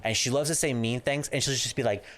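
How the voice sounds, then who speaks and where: A man's voice: medium pitch, fairly even intonation, fast talker, fairly bright tone. A young man livestreaming a game, chatting casually and animatedly, laughing often and acting out family conversations. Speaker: gaming livestreamer and father. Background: game music.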